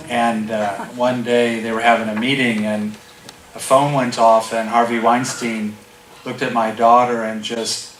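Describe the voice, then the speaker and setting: A man in his sixties, a guest pastor preaching a sermon and telling funny stories with humor. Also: mid-range voice. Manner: humorous storytelling. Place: church auditorium. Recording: echoey church from far off.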